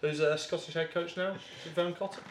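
A man's voice: a little high, steady tone, fast talker, reverberant, a little hiss or hum. A man hosting a casual quiz on a podcast, teasing and laughing often. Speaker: podcast host.

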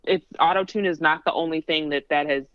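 A woman's voice: low-pitched, a little fast, no echo. A woman talking bluntly and with energy in a casual podcast chat, laughing now and then as she tells stories. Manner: blunt, animated, laughs while telling stories. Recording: dry, dull lo-fi sound.

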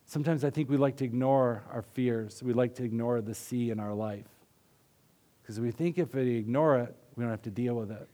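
A man's voice: medium pitch, moderate pace. Man preaching an earnest sermon. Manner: earnest, conversational preaching with soft dips. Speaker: pastor.

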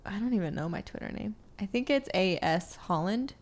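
A woman's voice: medium pitch, lively intonation, a little fast. A woman co-hosting a casual podcast who laughs often and makes teasing asides. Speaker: podcast co-host.

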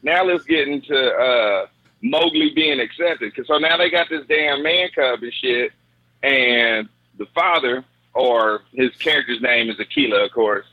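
A man's voice: medium pitch, measured pace. A man retells a story in loose, profane slang, chatting casually as a host. His voice sounds tinny, like a phone line. There is no room echo at all.

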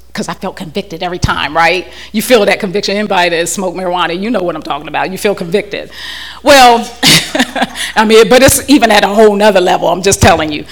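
Speaking at medium pitch with a slightly bright tone, a woman shares a frank and humorous personal testimony at church. She holds a handheld mic before a live audience, laughs often, and repeats words whenever she restarts a sentence.

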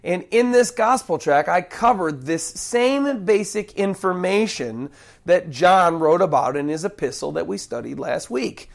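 A male pastor delivers a sermon in a slightly higher-than-average voice roughened by gravelly fry. He prays in an earnest, hushed way, then teaches in a folksy tone. He drags out key phrases for emphasis. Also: animated, unhurried. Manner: folksy, with small jokes and restarts. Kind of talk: sermon with opening prayer.

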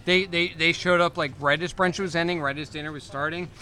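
Bright-voiced man telling rambling stories. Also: a little high, fairly even intonation, a little fast, smooth, faint music behind. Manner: rambling storyteller, frequent restarts and fillers. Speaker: podcast host. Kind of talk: casual chat. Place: outdoor table at a restaurant.

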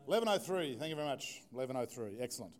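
A man's voice: medium pitch, very animated, rapid-fire. A male pastor delivers his sermon in a chatty, easygoing way. He keeps it informal and jokes with the congregation, a church setting behind his words. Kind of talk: conversational sermon.

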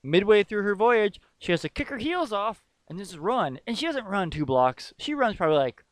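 A man's voice: sits high, sing-song, moderate pace, no room sound. A man co-hosting a casual chat podcast, rambling through a movie's scenes with jokes and fillers. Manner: rambling, jokey, recaps scenes with lots of fillers. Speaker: podcast co-host.

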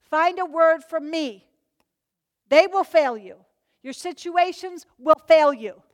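A woman preaching a sermon, emphatic, swinging between loud declarations and soft low asides. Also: animated, slow, muffled recording.

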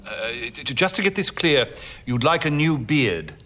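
An actor playing a jolly, patient Santa Claus taking children's calls in an ad, talking slowly and hesitantly. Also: male voice, medium pitch, animated, a bit bright, close to an everyday voice. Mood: puzzled. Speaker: Santa in an airline ad.

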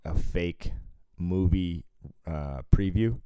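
Deep-voiced man, swearing and laughing. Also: takes it slowly, warm tone, clean tone, dry recording, lo-fi sound. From Cambridge, Massachusetts. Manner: swears freely, laughs often, rambling. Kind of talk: casual chat.

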